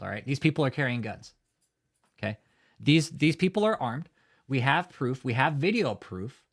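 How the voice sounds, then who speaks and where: A man's voice: mid-range voice, expressive, normal speed, vocal fry. Profane, ranting man on a livestream. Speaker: livestream host. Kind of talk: angry live-stream commentary.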